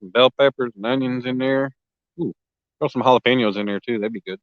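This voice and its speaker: A man talks in a casual, easygoing way while hosting a fishing livestream, now and then clearing his throat. His voice is smooth and clear at a middle pitch. The sound is dry and close, with a slightly muffled, lo-fi quality. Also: brisk, no room sound. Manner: laid-back, frequent throat clearing, reads chat aloud. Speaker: livestream host. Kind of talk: casual chat with live viewers. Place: outdoors at a riverbank at night.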